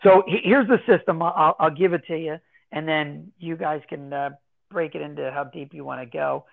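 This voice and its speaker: A man talking casually as an interview guest, explaining in an animated way and acting out children's voices as he goes. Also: a little high, moderate pace, vocal fry. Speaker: guest, anti-bullying educator. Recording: tinny phone-like line.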